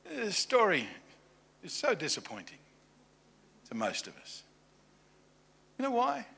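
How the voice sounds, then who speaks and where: A man preaching a sermon, animated, moving from loud emphasis to hushed, intimate asides and acting out voices from the story. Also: high voice, takes it slowly, creaky, husky. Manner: acts out voices of people in the story. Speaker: pastor.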